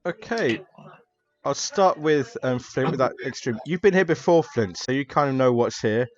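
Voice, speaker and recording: A man's voice: mid-range voice, animated, moderate pace, highs cut off. A man narrating as game master of a tabletop horror game, describing scenes with fillers.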